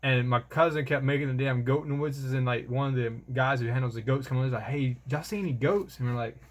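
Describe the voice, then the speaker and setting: A man's voice: mid-range voice, flat delivery, fast talker. A young man, telling a rambling, slangy vlog story about army training and calling the listener bro. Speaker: soldier vlogger.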